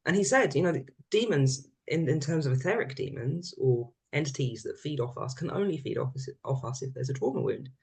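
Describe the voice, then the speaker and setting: A man's voice: fairly high pitch, animated, a little fast, gravelly, few pauses, darkish tone, slightly rough. A man co-hosting a casual spiritual chat, explaining ideas earnestly. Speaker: podcast co-host.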